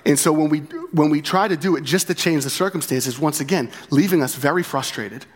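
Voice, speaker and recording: With a voice on the high side and a slightly fast pace, a man preaches as pastor. His delivery is conversational, repeating important phrases and often checking in with "right?"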